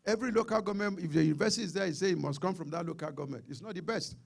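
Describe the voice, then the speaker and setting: Nigerian guy lecturing a seminar, higher voice with some gravel, keeps repeating himself for emphasis. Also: rapid-fire. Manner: emphatic, repeats words and restarts phrases. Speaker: seminar speaker. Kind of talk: public lecture.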